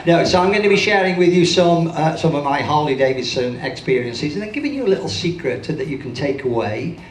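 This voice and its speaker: A man's voice: on the high side, expressive, a little fast, a little hiss or hum. An older man from Birmingham, England, with a Birmingham accent, giving a joking, self-deprecating keynote talk to a conference audience. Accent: Birmingham English. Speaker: motivational speaker. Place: large conference hall with audience. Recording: echoey hall sound.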